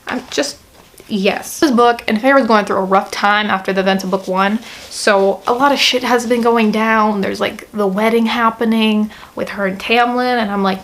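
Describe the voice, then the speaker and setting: A woman's voice: mid-range voice, normal speed, a bit bright. A young woman talking casually to the camera as she reviews a book, chatty and gushing, with lots of fillers and playful mock-quotes.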